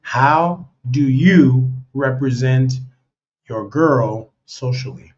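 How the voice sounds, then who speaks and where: A man's voice: medium pitch, extremely slow. An American man hosting a casual advice monologue, talking loosely and bluntly with lots of "man" and "you know". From United States. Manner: acts out quoted voices, slangy and blunt. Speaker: host. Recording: dull lo-fi sound.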